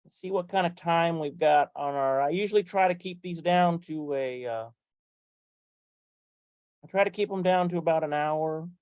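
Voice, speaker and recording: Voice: medium pitch, normal speed, a little mellow, clean tone, no echo. A Hebrew teacher giving a grammar lesson, methodically spelling out letters and vowels step by step and thinking aloud with fillers and self-corrections.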